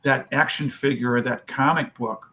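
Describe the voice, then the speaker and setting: A man's voice: mid-range voice, steady tone, moderate pace, pushed and bright. A man who founded a children's charity, telling a long story in an interview and acting out each person's lines. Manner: storytelling, acts out dialogue.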